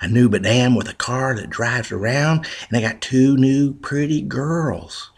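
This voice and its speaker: A man's voice: mid-range voice, unhurried, pitched above the performer's own voice. A man voicing a cheeky male parrot raised in a brothel, brash and pleased with himself.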